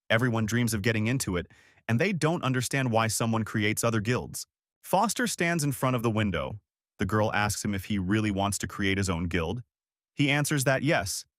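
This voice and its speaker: A man narrating a comic story recap in a steady, scripted present-tense summary. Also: fairly low pitch, dry recording, clean studio sound.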